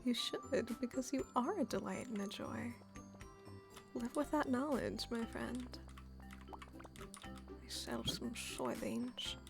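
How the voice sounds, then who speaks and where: A woman streaming a game, chatting excitedly and sometimes dropping to a soft whisper. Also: fairly high pitch, slow, vocal fry, long pauses. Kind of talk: casual live-stream commentary. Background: game music.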